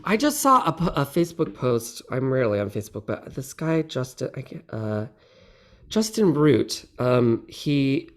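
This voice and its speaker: A middle-aged man with a mid-range voice talks at normal speed, very animated, as a guest actor on a podcast. His casual interview chat meanders and pokes fun at himself.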